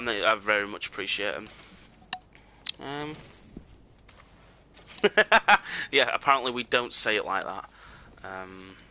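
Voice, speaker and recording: A man's voice: on the low side, bright, forceful tone, slight background noise. A young British man chatting casually and joking with viewers while he plays a game on a live stream.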